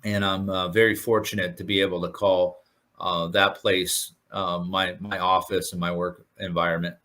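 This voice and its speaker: A surf instructor man talks in a casual interview. His voice sits a bit low but rings bright and forceful. He sounds earnest and grateful, stumbling through fillers and restarts. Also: level tone, moderate pace. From Southern California.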